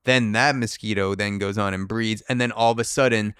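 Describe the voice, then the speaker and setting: Young guy podcasting, rambly and joking around, smooth clear voice, dry sound. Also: fairly low pitch, steady tone, brisk, fairly bright tone, dry recording. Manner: rambling, speculative, jokey. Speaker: podcast host. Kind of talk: casual chat.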